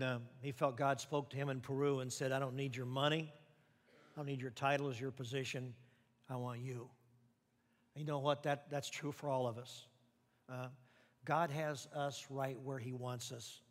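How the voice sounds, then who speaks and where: A man's voice: medium pitch, big-room sound. A man preaching a sermon as pastor, direct and exhorting, repeating his key questions.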